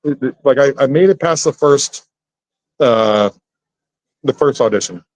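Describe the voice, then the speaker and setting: Male actor guest, casual chat, animated storyteller who slips into voices, dry close sound. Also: medium pitch, a little slow, dry recording, poor audio. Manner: animated, acts out voices in his anecdotes.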